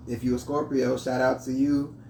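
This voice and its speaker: A man's voice: mid-range voice, flat delivery, normal speed, gravelly, dark tone. A man hosting a casual chat over drinks, laid-back and rambling. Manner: laid-back, storytelling with many restarts. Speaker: host. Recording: echoey room, voice from mic distance, faint noise.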